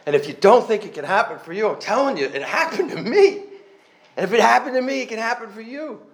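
Man, slightly higher voice, telling his own testimony in church; earnest, conversational, self-deprecating, rambles a bit. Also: expressive, fast talker. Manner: rambling, with restarts. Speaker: church member giving a testimony. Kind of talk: personal testimony to a congregation.

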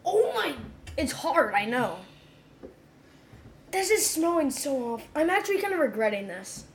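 A woman's voice: high-pitched, very animated, unhurried, slight background noise. A young woman co-hosting a podcast in casual chat, giggly, chatty and easily grossed out. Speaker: podcast co-host.

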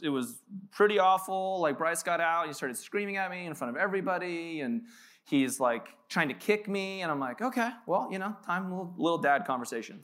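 A man's voice: a little high, a bit bright. A man in his thirties, a pastor telling joking, casual stories in a sermon at a church. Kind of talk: conversational sermon. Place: church sanctuary.

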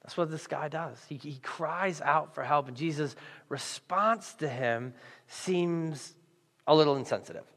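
Male pastor, high voice, conversational animated sermon, church hall with long reverb. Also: measured pace. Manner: conversational, animated, acts out the story. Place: church auditorium. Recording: echoey hall.

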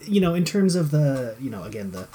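A man's voice: mid-range voice, sing-song, a little fast, warm tone. A man chatting casually about a TV show, rambling with many fillers and restarts and swearing now and then. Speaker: co-host discussing a TV show. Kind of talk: casual chat.

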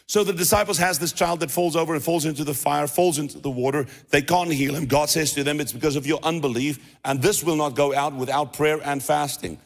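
A man's voice: a little high, steady tone, brisk. A man with a South African accent preaching a sermon, talking in a casual way and repeating himself as he goes. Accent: South African English. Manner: conversational preaching with restarts and repeated phrases. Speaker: pastor. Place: church hall. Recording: long reverb of a church hall.

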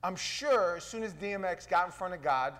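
A middle-aged man, a pastor, preaching a sermon in a folksy, playful way that swings from loud to hushed. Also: high-pitched, animated, brisk.

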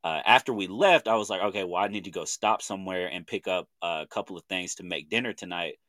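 Fields: Man, 30s, bright Oklahoma voice. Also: deep voice, fast, no echo. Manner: animated storytelling with slang, acts out quoted voices. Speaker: podcast co-host. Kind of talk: casual chat.

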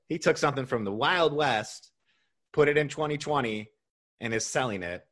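A young man hosting a podcast as a nutrition coach, talking casually, animated and swearing freely as he rants. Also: medium pitch, normal speed.

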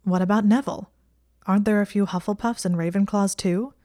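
Brief: steady supportive young man wizard, woman narrator's own voice, storybook. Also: medium pitch, brisk, no room sound, studio quality, voice pushed up, lightly acted. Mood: earnest.

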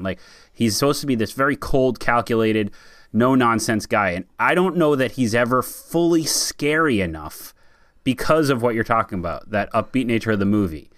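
A man's voice: medium pitch, animated, normal speed, fairly bright tone, no echo. A man co-hosting a podcast, talking casually with lots of "like" fillers. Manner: chatty, many "like" fillers. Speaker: podcast co-host. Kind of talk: casual film discussion.

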